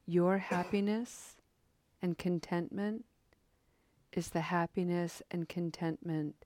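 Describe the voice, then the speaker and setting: Meditation teacher, woman, unhurried, gentle and contemplative, sometimes hushed, in a dry room. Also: on the low side, no room sound. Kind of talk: dharma talk and guided meditation.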